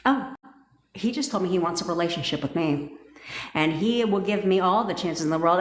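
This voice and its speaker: A woman's voice: on the low side, expressive, normal speed. A woman manifestation coach giving a blunt, profanity-laced pep talk on a live stream. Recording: echoey room.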